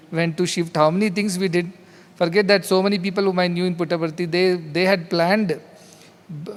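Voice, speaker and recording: High-voiced Indian man in a reverberant hall. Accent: Indian English. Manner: conversational, storytelling with quoted dialogue. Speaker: spiritual teacher. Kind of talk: spiritual discourse. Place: large hall.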